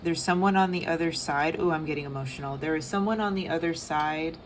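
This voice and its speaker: A young woman giving a casual tarot reading, soft and rambling with many fillers. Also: deep voice, brisk, slight background noise. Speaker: tarot reader.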